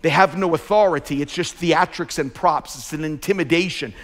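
A man preaching a sermon, his voice sitting a little higher than most men's. He is emphatic and pushes louder when he drives a point home. The sound carries the long reverb of a large church sanctuary. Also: a little fast. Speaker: pastor.

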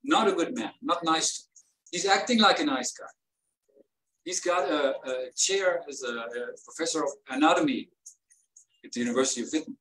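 A man's voice: on the high side, normal speed, fairly bright tone. Man venting his heartbreak. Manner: pained, rambling, rising to upset outbursts. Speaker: vlogger. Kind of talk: emotional personal monologue. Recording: roomy sound from a distance.

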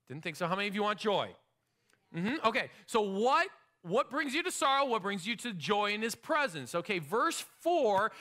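A middle-aged man preaching a sermon as pastor in a church, energetic and conversational, with rising emphasis. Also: high voice. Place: church sanctuary.

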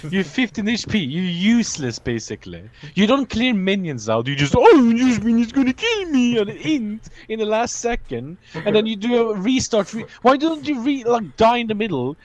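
High-pitched ranting gamer guy. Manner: ranting, swearing, scolding a teammate. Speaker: gamer on voice chat. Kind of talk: heated gaming voice chat.

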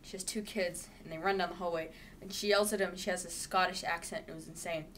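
A young woman vlogging casually to camera, chatty and playful, now and then breaking into loud sing-song bits. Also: fairly low pitch, fairly even intonation, fast talker. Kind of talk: casual vlog chat.

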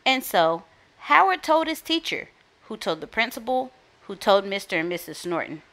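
A woman storyteller reading a children's book aloud in a lively, expressive way. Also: medium pitch, moderate pace.

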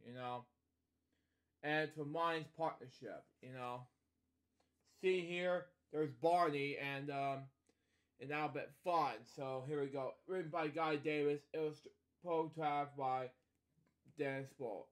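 A man's voice: fairly high pitch, steady tone, measured pace. A man casually reading a picture book aloud as a storytelling host, stumbling over words and wandering into rambling asides at home.

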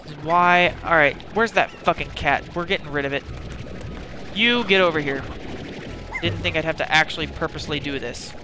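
A man's voice: a little high, normal speed, music in the background. A man streaming a game, cursing and muttering to himself as he plays. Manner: frustrated, swearing, muttering to himself; panicked, shouting. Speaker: gaming streamer. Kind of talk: live gameplay commentary.

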